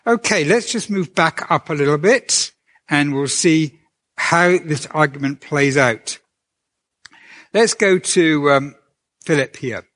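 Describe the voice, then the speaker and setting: A man giving a conversational sermon as a preacher, earnest and gentle, asking his listeners questions. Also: fairly high pitch, expressive, measured pace.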